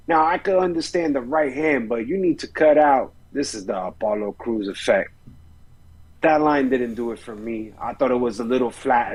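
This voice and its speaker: A man's voice: medium pitch, breathy edge, rough recording. A man co-hosting a wrestling podcast, giving enthusiastic, rambling reviews with casual swearing. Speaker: podcast co-host.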